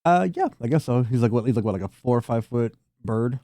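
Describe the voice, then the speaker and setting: A man running a tabletop game as game master, narrating in a relaxed, casual way. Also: medium pitch, quick pace, no room sound, clean studio sound.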